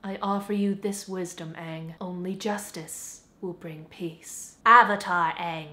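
A woman's voice: lowish voice, fairly even intonation, a little slow, sharp tone, voice pushed down. A woman doing a stern, grave warrior spirit.

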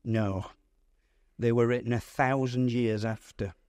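A man, a pastor, teaching a Bible study in a lively, conversational way, putting questions to his audience. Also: mid-range voice, measured pace, dry recording, studio quality.

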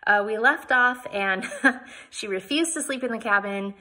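A woman's voice: a little high, unhurried, bright, forceful tone. A woman reading a novel aloud, giving the characters voices and adding casual recaps between passages. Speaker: book reader.

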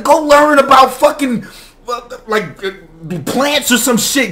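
A young man ranting in a profane, exasperated reaction commentary, now and then breaking into shouts. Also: extremely high pitch, unhurried. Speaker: commentary vlogger.

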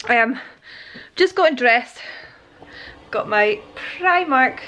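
A woman's voice: sits high, expressive, slow pace, sharp tone. A woman chatting casually to camera at home, rambling on about her plans for the day. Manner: chatty, rambling, drifts between plans and baby talk. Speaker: vlogger and first-time mum. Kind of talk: casual vlog chat to camera. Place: at home indoors.

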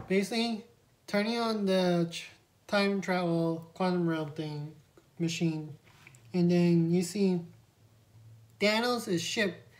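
A woman's voice: lowish voice, a little mellow. A woman giving a rambling, scene-by-scene spoiler review of a film, acting out quoted lines as she recaps. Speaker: movie reviewer.

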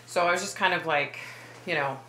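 A woman with a deep yet bright, forceful voice talks as a psychic medium. She rambles and keeps restarting her sentences in a chatty monologue. The room around her sounds roomy and echoey. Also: a little fast, a little hiss or hum. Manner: rambling, self-correcting, many fillers. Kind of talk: casual monologue to camera.

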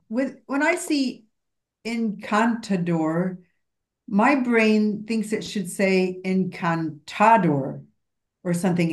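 A woman student in a language class, asking questions and reasoning out loud. She speaks at a medium pitch and an ordinary pace, curious and thoughtful. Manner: inquisitive, thinks aloud.

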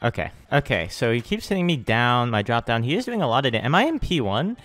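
A young man hosting a gaming channel, giving excitable live commentary on his own play and hyping every win with slang. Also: medium pitch, quick pace, dry recording, soft background music.

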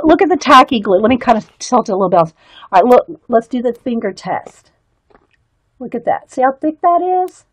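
A woman hosting an art supplies live stream from her home craft studio, with a fairly high voice. She talks to viewers in a loose, giggly way, with lots of ums and restarts. The sound is dry and close. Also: no echo, low-quality recording. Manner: chatty and giggly, with many fillers and restarts. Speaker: art and craft livestream host. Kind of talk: casual live-stream chat, reading viewer comments.

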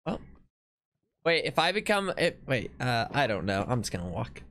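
A man's voice: medium pitch, sing-song, moderate pace, fairly bright tone. A man with a Midwestern American accent, chatting casually while streaming a game. He giggles often and teases himself in a hesitant way. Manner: giggly, self-mocking, hesitant. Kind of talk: casual gaming chat.

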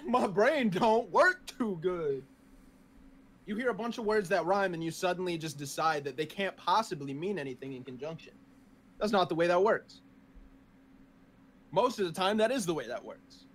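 A man's voice: sits high, animated, fairly quick. A man in casual chat, arguing his opinions on music and laughing often.

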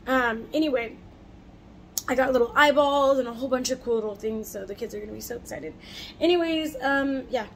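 A woman's voice: sits high, a little fast, vocal fry, slight background noise. A young woman in her twenties chatting casually to camera, rambling with frequent fillers and little laughs. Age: 20s. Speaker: vlogger.

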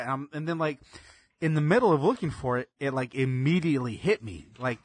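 Husky, dry-sounding man chatting casually. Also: mid-range voice, expressive, brisk, no room sound. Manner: laid-back storytelling, many fillers, drifts quiet at ends. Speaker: podcast co-host. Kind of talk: casual chat.

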